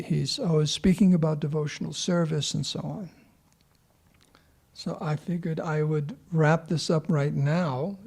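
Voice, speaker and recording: Gravelly man leading a scripture class. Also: fairly high pitch, dark tone. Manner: chatty, rambling storytelling. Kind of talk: informal scripture class with questions.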